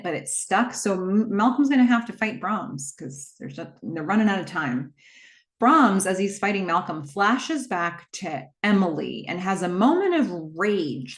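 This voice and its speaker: A woman retelling a movie plot in a casual, chatty way, with quick asides and small acted-out quotes. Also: mid-range voice, echoey room. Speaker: movie recap host.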